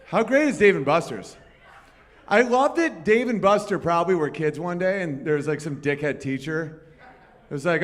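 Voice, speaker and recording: A man's voice: on the high side, expressive, moderate pace. A man doing stand-up comedy on a live stage, talking with the crowd and rambling through loose, profane stories.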